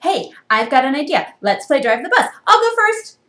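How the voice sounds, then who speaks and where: A woman's voice: high-pitched, sing-song, normal speed, a little hiss or hum, pitched above the performer's own voice. A woman doing a whiny, pushy cartoon pigeon. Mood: excited. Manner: whiny, begging, bursts into loud squawks. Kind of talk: picture book read-aloud. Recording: echoey room.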